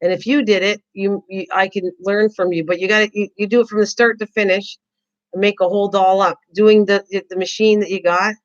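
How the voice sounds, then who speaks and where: A woman hosting a crafting livestream, chatting with her viewers in an excitable, rambling way and often repeating herself. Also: mid-range voice, a little fast. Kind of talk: casual chat reading viewer comments. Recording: dull lo-fi livestream audio.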